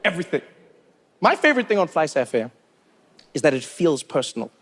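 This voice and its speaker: A man's voice: a little high, big pitch swings, fairly quick, fairly bright tone, slightly rough. A man in his forties from South Africa doing stand-up comedy, telling stories with incredulous rising questions.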